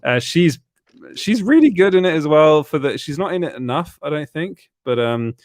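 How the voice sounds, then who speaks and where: A man's voice: fairly high pitch, lively intonation, moderate pace, a little mellow, dry recording, studio quality. A man co-hosting a casual panel chat, stumbling and restarting often and laughing between thoughts. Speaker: co-host. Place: home studio on a live stream.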